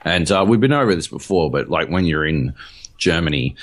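Low-voiced man, rambling and profane. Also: expressive, fairly quick. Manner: rambling, profane storytelling with many fillers. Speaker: podcast co-host. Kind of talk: casual chat.

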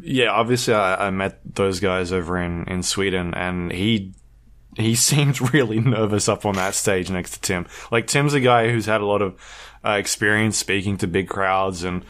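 A man's voice: fairly low pitch, moderate pace, fairly bright tone. A man hosting a casual podcast chat, rambling along with many ums and uhs and light laughs. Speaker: podcast host.

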